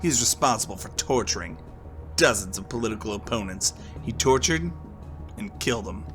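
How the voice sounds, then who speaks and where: A man's voice: on the low side, lively intonation, normal speed, fairly bright tone, faint music behind, voice pushed up. Man doing a pushy shady informant. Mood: brusque.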